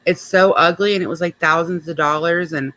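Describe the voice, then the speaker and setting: A woman's voice: fairly low pitch, fairly even intonation, fairly quick, fairly bright tone. A woman hosting a livestream, chatting in a rambling, casual way. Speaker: host.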